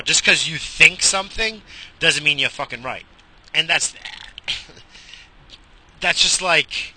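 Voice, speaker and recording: A man's voice: on the high side, bright, forceful tone. A man podcasting from his car, telling a rambling, profane story in a casual, exasperated rant. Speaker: podcast host. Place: in a car while driving.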